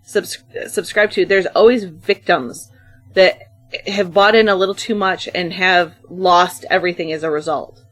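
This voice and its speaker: A woman co-hosting a podcast, adding thoughtful, measured remarks in casual chat. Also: on the low side, fairly even intonation, a bit bright. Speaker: podcast co-host. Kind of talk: casual movie-review chat.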